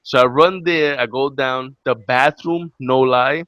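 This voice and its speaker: A man's voice: mid-range voice, unhurried, no room sound, muffled recording. Profane young New man telling a story. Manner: animated, profane, acts out quotes. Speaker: podcast co-host. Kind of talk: casual storytelling chat.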